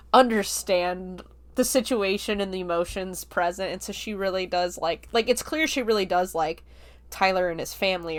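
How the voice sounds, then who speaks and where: Chatty woman recapping a film. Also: lowish voice. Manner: chatty, filler-heavy retelling with frequent likes and laughs. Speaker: podcast host reviewing a film.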